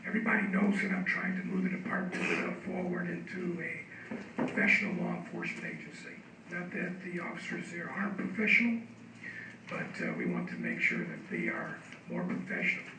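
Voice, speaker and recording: Hoarse guy, police chief talking to a village board, high-ish voice, echoey room, mic far off. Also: steady tone. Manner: halting, with many fillers. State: losing his voice, hoarse. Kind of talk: formal address to a village board. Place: council chamber. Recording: echoey hall, distant mic, noisy.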